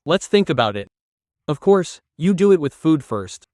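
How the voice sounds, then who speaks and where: A man's voice: on the high side, very animated, moderate pace, a little mellow, no echo, studio quality. A man from Turkey who works as a dog trainer, explaining training methods earnestly and speaking directly to his viewers. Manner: earnest, addresses the viewers directly, gives firm commands to a dog. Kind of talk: instructional video talking to viewers.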